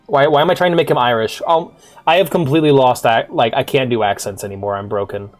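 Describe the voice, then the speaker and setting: A man streaming a game, chatting casually and joking at his own expense. His voice sits in an ordinary middle pitch. Faint music plays quietly behind him. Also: fast talker. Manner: joking, playful, self-mocking, swears casually. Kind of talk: casual gameplay commentary.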